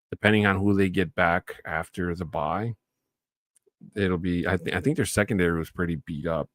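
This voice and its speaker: Casual, chatty lower-voiced male sports host. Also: no room sound. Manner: casual and chatty, swells into loud enthusiastic shout-outs. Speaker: sports talk show host. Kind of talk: solo sports talk show with live chat.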